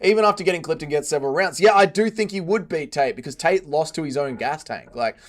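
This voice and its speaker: A man's voice: on the high side, expressive, fast. A man hosting a casual livestream, reading chat aloud, swearing often and laughing readily.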